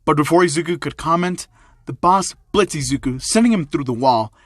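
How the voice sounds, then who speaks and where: A man reads a homemade action story aloud in a plain, halting way. His voice sits a little high for a man. The recording is close and dry. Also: a bit bright, no room sound. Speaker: narrator. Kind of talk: reading a fan-made story aloud.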